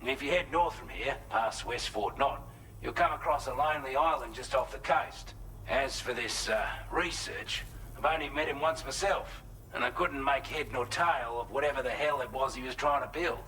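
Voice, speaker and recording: A gruff, matter-of-fact Australian contact, played by a man in a game, talking plainly and a bit salty. His voice is bright and forceful, with faint ambience behind him. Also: mid-range voice, normal speed, a little hiss or hum, close to an everyday voice, low-quality recording. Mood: reflective. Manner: blunt, salty, conversational briefing.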